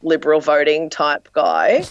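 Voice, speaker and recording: Lively Australian woman telling stories. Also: deep voice, a little slow, smooth, no room sound, muffled recording. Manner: animated storyteller, acts out quotes. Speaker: dance teacher and performer. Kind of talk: casual podcast chat.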